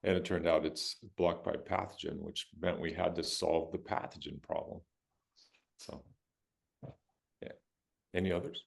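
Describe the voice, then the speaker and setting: A man who started the institute, speaking on a panel and briskly prompting others to speak. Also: low-pitched, little pitch movement, gravelly. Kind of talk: panel discussion.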